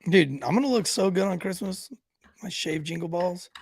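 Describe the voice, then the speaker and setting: A man's voice: high-pitched, normal speed. A man co-hosting a podcast, joking around with crude, profane banter. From Irish family roots. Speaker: podcast co-host.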